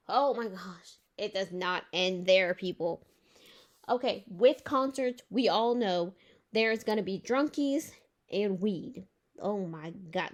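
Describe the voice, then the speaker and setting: A young woman vlogger telling a story in a casual rant, exasperated, swearing and filling her talk with "like". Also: medium pitch. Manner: exasperated, swears and says "like" often.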